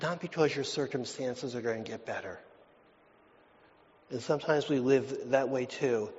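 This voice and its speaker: A man preaching a sermon, repeating phrases for emphasis and swinging between loud declarations and near whispers. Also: mid-range voice, normal speed. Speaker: pastor. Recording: dull lo-fi hall recording.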